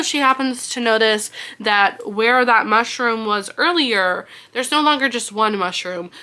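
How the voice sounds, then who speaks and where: A young woman chats through a book recap in a bright, fairly high voice. She is animated, slips into the characters' lines and swears freely as she goes. It sounds like a relaxed, informal video. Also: smooth. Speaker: booktuber recapping a book series. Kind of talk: casual chatty book recap.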